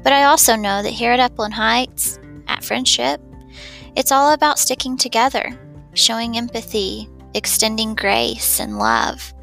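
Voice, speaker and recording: A woman's voice: a little high, animated, unhurried, vocal fry, soft background music. A woman from a school reading a children's novel aloud to students, in an encouraging way. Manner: warm, encouraging.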